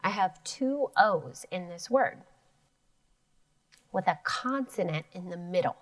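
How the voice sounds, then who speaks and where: A woman teacher giving a phonics lesson to children, slowly and clearly stretching out sounds and spelling letters. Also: on the low side, lively intonation, no echo, distant mic. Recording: dry sound, voice a bit off the mic.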